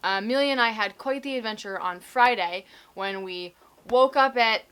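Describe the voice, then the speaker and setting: A woman's voice: on the high side, moderate pace, fairly bright tone, smooth. Chatty young woman vlogging. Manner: chatty storytelling with many likes and restarts. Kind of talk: casual video diary.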